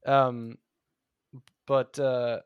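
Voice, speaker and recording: A man co-hosting a casual podcast chat, talking haltingly with stumbling restarts. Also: medium pitch, level tone, smooth, dry recording, highs cut off. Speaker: podcast co-host.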